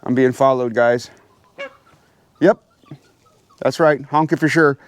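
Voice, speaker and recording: Man, mid pitch, casual farm vlog narration, chatty, coaxing voice for the birds, outdoors by the pens. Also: slow pace, clean tone. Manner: chatty, talks to his birds in a raised coaxing voice. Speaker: pheasant farmer and channel host. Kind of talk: casual vlog narration while doing chores.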